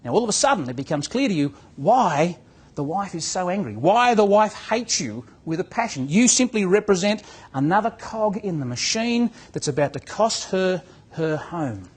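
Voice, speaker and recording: A man's voice: high voice, breathy edge. A man giving a motivational talk to real estate agents as a business coach, telling a story and acting out its dialogue. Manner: storytelling, acts out dialogue, repeats words.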